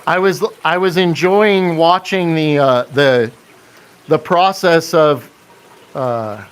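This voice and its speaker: A man in easygoing live-stream chat mode, talking at a relaxed, slow pace. His voice sits a bit on the higher side, and he reads out viewer comments and laughs along with them. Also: clean tone.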